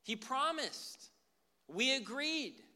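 A man preaching a sermon as pastor, animated and conversational. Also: very high-pitched, slow pace.

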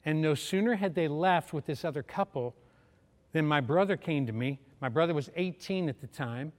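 A man's voice: a little high, moderate pace. A middle-aged man preaching, telling a story with humor and acting out the voices of the people in it. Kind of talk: sermon storytelling. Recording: long hall reverb.

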